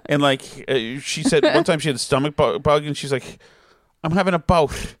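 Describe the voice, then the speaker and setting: A man's voice: a little high, sing-song, brisk. A man hosts a casual podcast, telling stories in a rambling, stop-start way. His voice rises and falls widely as he talks. The sound is dry and close, with no room echo. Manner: rambling, self-interrupting storyteller. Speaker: podcast host. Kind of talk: casual chat reading listener messages.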